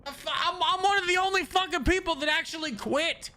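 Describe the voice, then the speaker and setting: A young male game streamer with a high, bright voice. He rants fast and profanely, often stumbling over restarts. He talks straight to his chat. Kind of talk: profane live-stream rant.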